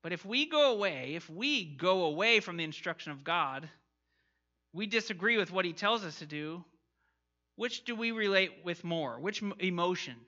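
A man's voice: sits high, animated, moderate pace, bright, forceful tone, dull audio. A man teaching an interactive Bible lesson, questioning his class and reading scripture aloud.

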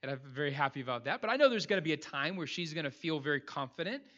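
A man's voice: fairly high pitch, expressive, very fast, bright, forceful tone, highs cut off. A man preaching a sermon in a conversational way, often restarting his phrases. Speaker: pastor.

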